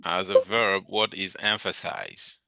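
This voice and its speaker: A man teaching a class, questioning his students over and over about word meanings. His voice is low and gravelly, yet bright and forceful. He speaks slowly, and the sound is dry and close. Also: animated, no room sound. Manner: questioning, drilling students on vocabulary. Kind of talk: classroom lecture.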